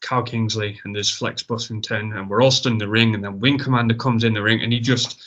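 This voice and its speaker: A man's voice: on the low side, steady tone, fairly quick, a bit bright, highs cut off. Rambling man telling stories. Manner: rambling, self-mocking, swears freely. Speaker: guest wrestler. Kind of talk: casual storytelling chat.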